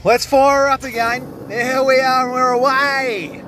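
An Australian man vlogging a plumbing job, excitable and jokey, full of slang and hungover. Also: very high-pitched, measured pace, a little hiss or hum. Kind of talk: casual on-the-job vlog commentary.

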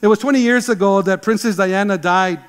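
Pastor, man in his 60s, emphatic sermon delivery, high voice, long hall reverb. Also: brisk, clean tone. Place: church sanctuary.

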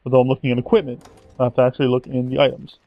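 A man's voice: medium pitch, flat delivery, very fast, no room sound, muffled recording. A man commentating over his own video game playthrough, sarcastic and mock-dramatic, swearing casually. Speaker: gameplay commentator. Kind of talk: sarcastic let's-play commentary.

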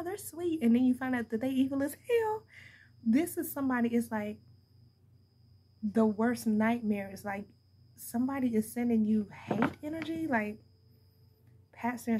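A woman's voice: on the high side, warm tone, slightly rough. A young adult woman giving a casual tarot reading to her viewers, blunt and profane, laughing often as she talks. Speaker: tarot card reader.

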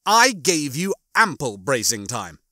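A man's voice: fairly high pitch, big pitch swings, unhurried, bright, forceful tone, dry recording, clean studio sound, full character voice. A man voicing Rimmer, a smug and prissy male crewmate who gloats in a prim manner.

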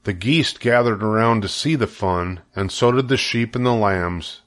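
A man's voice: fairly low pitch, normal speed, fairly bright tone. Grandfatherly man reading a storybook aloud. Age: older. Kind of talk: reading a children's book aloud.

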